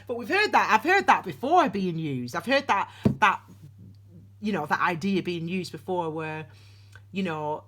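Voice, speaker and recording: A woman's voice: on the low side, expressive, a little slow, a bit bright. A young woman, talking alone to camera in a casual, rambling tarot reading full of restarts. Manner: chatty, rambling, self-interrupting with frequent restarts. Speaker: tarot reader. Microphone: solo to camera.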